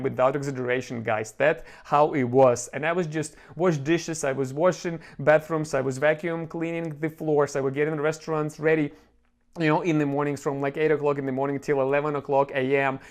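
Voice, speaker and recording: Earnest man telling a motivational story. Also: fairly high pitch. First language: not English. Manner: earnest, emotional, many fillers, addresses viewers as guys. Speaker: online course host.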